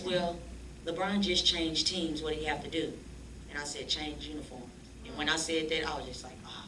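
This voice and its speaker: A woman telling her life story as a church guest, animated and slangy, acting out the voices of people she quotes. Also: low-pitched. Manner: animated, acts out quoted dialogue in slangy speech. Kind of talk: lively storytelling testimony. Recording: echoey room, distant mic, faint noise.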